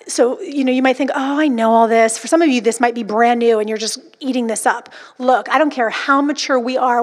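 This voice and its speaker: A woman with a high, bright-pitched voice preaches with fervent emphasis. She climbs higher when she builds to a point and drops low and quiet when quoting scripture. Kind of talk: sermon.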